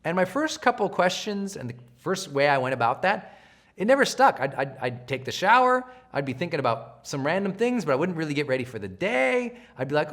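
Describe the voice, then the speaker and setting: A middle-aged man giving a live coaching session, energetic and animated, often acting out the voices of people he quotes. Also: high-pitched, fairly quick. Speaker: self-help trainer.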